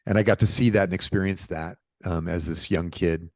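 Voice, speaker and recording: A middle-aged man from Portland, Oregon, telling stories as a podcast guest in a lively, informal way. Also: low-pitched, brisk, dry recording. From Portland, Oregon, USA. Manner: animated, informal, peppered with "dude" and "bro". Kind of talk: casual conversational storytelling.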